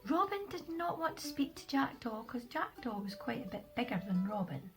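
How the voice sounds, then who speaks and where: A Scottish woman reads a children's story aloud in an expressive, unhurried way. Her voice sits high and rises and falls widely. Soft guitar plays faintly in the background. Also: poor audio. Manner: expressive, with dramatic pauses. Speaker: author reading her own stories.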